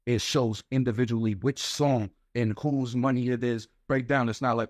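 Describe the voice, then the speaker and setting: A young man from New York, a rapper guest telling stories in a casual interview, animated and slangy, acting out the voices of people he quotes. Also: on the low side, normal speed, no echo, clean studio sound. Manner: animated, slangy, acts out quoted voices, repeats "you get what I'm saying". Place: small podcast studio. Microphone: studio microphone.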